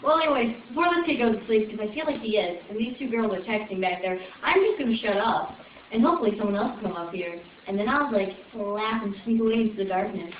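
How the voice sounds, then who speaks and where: A woman's voice: medium pitch, expressive, quick pace, a little hiss or hum. A young woman from Chicago doing a rambling, exasperated stand-up rant with chatty asides to the crowd. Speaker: open mic comic. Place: small open mic venue on stage. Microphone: far camera. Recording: echoey room from far off, dull lo-fi video.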